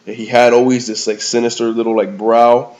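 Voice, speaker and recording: A man's voice: medium pitch, little pitch movement, fairly quick, darkish tone. A man giving a casual, rambling movie review in slangy talk, often calling the listener "man" or "bro". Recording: slightly dull lo-fi recording.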